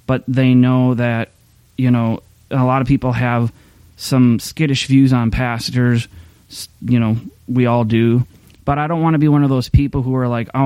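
A man's voice: mid-range voice, a little mellow, clear, resonant tone, no room sound. A middle-aged man pastor giving a casual, candid sermon talk, rambling with restarts and fillers.

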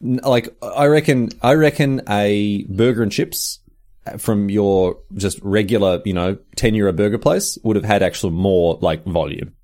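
Speaking a little slowly in a lowish voice, this man co-hosts a podcast and chats casually. His stories come full of laughter and acted-out quotes, told with lively animation.

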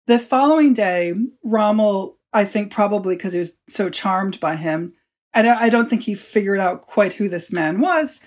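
A woman, an author being interviewed, telling a long story with lively quoted lines. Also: mid-range voice. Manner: animated storyteller, quotes people in her tale. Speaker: author and guest.

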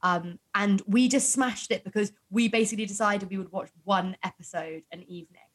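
A woman's voice: mid-range voice, brisk, slightly rough. A young woman co-hosting a pop culture podcast, talking in a chatty, emphatic way and laughing often. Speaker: podcast co-host. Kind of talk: casual chat.

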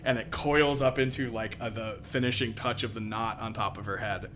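A man's voice: on the low side, fairly even intonation, normal speed, noisy background. A man narrating as game master in a casual, descriptive way with many fillers.

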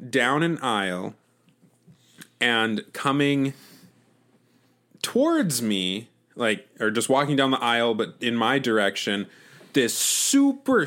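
A man's voice: mid-range voice, a bit bright, clear, resonant tone. A man in his twenties telling a rambling story in casual chat, full of fillers and swearing.

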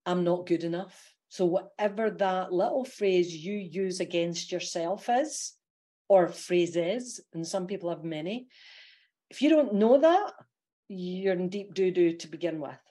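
A woman with a Scottish accent, a coach guesting on a podcast, explaining her ideas in a lively way and laughing often. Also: fairly low pitch, measured pace. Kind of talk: casual podcast interview.

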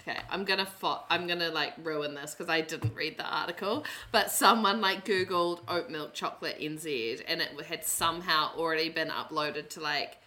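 A woman's voice: low voice, sharp tone. A young woman co-hosting a casual podcast chat, rambling with lots of "like" fillers. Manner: rambling, heavy use of "like" fillers. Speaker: podcast co-host.

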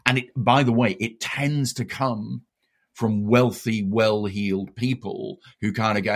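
A man with an English RP accent talks in a relaxed discussion. His voice sits a little low. He is reflective and restarts sentences as he searches for the right words. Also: a little slow. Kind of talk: conversational discussion.

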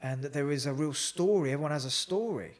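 A man's voice: a little high, fast talker. A man tells his stories in a loose, rambling way. He fills his talk with ums and acts out what people said to him. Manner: rambling with frequent fillers and quoted dialogue. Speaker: podcast guest. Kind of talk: casual storytelling.

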